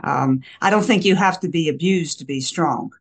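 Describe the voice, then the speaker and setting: An older woman, a counselor, talking in a casual interview in a slow, emphatic, reflective way. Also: deep voice. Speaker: guest counselor.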